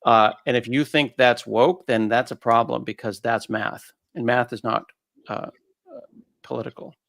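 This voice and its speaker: A man in a casual interview, talking in an animated way and slipping into quick put-on voices for quoted people. His voice sits at a middle pitch. The sound is close and dry, with no room around it. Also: creaky, dry recording. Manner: animated explainer who acts out quoted voices. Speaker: guest. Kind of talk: conversational interview.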